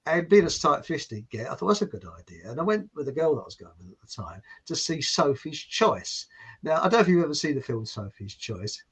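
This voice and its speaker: Husky guy rambling thru a funny story, voice goes up and down loads. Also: a little high, big pitch swings, a little fast, fairly bright tone. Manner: rambling, jokey, breaks into asides. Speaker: podcast host. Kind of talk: casual storytelling chat.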